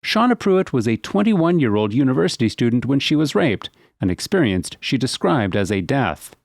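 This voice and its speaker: A male narrator reads a scripted introduction in a formal, announcing way. His pitch moves in a lively way. The sound is dry and close. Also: normal speed, creaky, no room sound.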